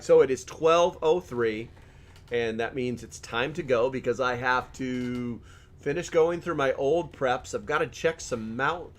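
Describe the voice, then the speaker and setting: Middle-aged man, live-stream host, casual joking chat, reads comments aloud, laughs a lot, mid-range voice. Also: mid-range voice.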